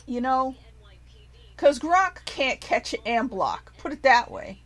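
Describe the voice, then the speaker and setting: Woman vlogger ranting, kinda high voice, swears a lot, keeps restarting. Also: slow pace, rough recording. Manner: animated, profane, rambling with restarts. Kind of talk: casual rant to camera.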